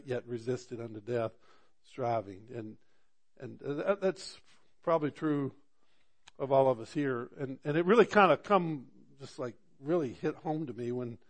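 A man delivers a sermon as a personal story. His tone is earnest and conversational, and it swells into fervent emphasis on key points. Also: mid-range voice. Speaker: pastor.

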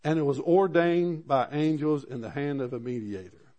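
A man's voice: a little high, lively intonation, moderate pace, warm tone, dull audio. A middle-aged man preaching a sermon, reading scripture aloud, asking the congregation questions, and often stammering and restarting.

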